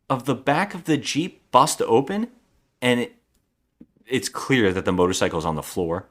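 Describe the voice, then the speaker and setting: A man's voice: mid-range voice, big pitch swings, normal speed, a bit bright. A man co-hosting a podcast, casually recapping a movie plot in a rambling way, acting out quotes and swearing. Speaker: podcast co-host.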